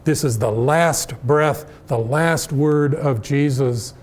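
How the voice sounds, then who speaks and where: A middle-aged man teaching an adult Bible class, speaking deliberately and asking the class questions. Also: on the high side, darkish tone.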